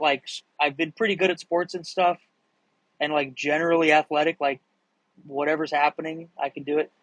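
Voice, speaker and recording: A young man hosting a live stream, answering viewer questions in a rambling, excitable, casual chat, swearing freely. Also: on the high side, vocal fry, dry recording, low-quality recording.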